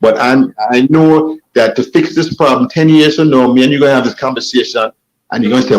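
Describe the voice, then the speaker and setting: A football coach from Jamaica, speaking with a Jamaican accent in a mid-range voice and a little fast, explains tactics casually on a low-quality recording. He's animated, often restarts his sentences, and frequently asks "you understand?"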